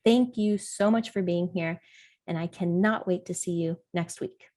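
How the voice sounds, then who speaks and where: Speaking alone on her parenting podcast, a middle-aged woman who works as a parent coach offers earnest encouragement. Her voice sits fairly low and sounds warm, moving at a moderate pace.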